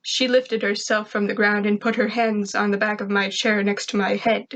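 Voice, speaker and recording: A woman reading a first-person fan fiction story aloud, steady and even. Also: medium pitch, normal speed.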